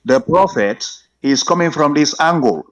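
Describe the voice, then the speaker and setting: A man's voice: fairly high pitch, animated, normal speed, highs cut off. Hesitant man cutting in on a debate. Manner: hesitant, many fillers, keeps cutting in. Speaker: caller. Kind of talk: heated live debate.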